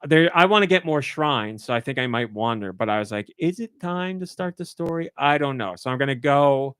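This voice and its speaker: Male podcast host, casual storyteller, lively voice-acting of quotes, dry studio sound. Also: fairly quick, smooth, dry recording. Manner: animated storytelling, voices quoted lines in a high excited pitch. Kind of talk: casual chat.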